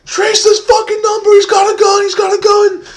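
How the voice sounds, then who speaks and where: A man acting out his panicked teenage self, shouting frantically into a phone with a cracking voice. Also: very high-pitched, completely flat delivery, normal speed, pitched above the performer's own voice. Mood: frantic. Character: panicked teenage boy screaming for help.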